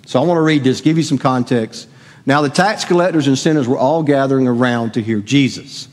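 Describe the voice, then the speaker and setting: In a church sanctuary full of long hall reverb, a middle-aged male pastor preaches with a brisk, mid-range voice. He keeps it conversational, putting questions to the congregation.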